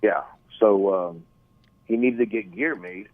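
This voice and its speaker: A middle-aged man with a Texan drawl tells wrestling stories in a lively, stumbling way, doubling back on his words. His voice sits low, and it comes through a thin, tinny phone line with no room sound. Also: a little slow, no room sound. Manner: animated anecdotes with repeated words and restarts. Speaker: wrestling promoter and trainer. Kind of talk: phone interview storytelling.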